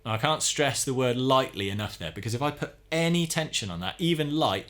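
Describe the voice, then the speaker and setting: Calm man teaching drum tuning. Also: medium pitch, fairly quick. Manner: calm, methodical, talks while working. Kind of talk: hands-on tutorial demonstration.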